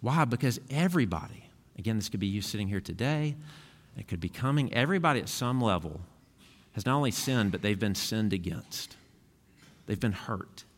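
A man's voice: lowish voice, expressive, normal speed, long reverb tail. A man preaching a sermon as pastor, earnest and conversational, often restarting his phrases.

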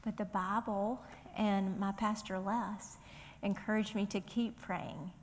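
A woman's voice: mid-range voice, fairly even intonation, takes it slowly, big-room sound. A woman with a Southern US accent teaching a Bible study, earnest and conversational, reading scripture aloud.

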